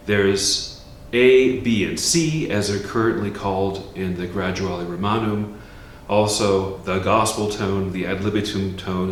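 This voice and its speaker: Slow-talking man in a very echoey room. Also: distant mic. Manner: casual explaining, breaks into sung Latin chant. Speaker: priest teaching chant. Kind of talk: informal chant lesson. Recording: very echoey room, faint rumble.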